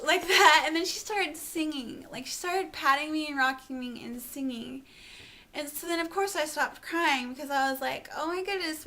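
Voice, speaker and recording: A woman's voice: high voice, pushed and bright. A young woman at home telling an emotional personal story on camera, rambling with lots of "like" and laughing through tears. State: tearful. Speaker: vlogger.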